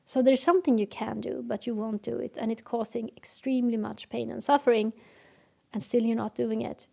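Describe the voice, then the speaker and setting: Gravelly, high-voiced woman musing. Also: fairly even intonation, a little fast, mellow. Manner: earnest, storytelling with acted examples, drops to whispers. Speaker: self-help video host. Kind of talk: reflective monologue.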